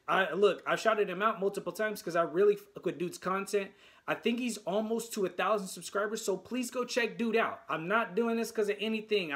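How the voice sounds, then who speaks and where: A man from the United States giving casual music reaction commentary, talking excitedly and stumbling over his words. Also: high-pitched.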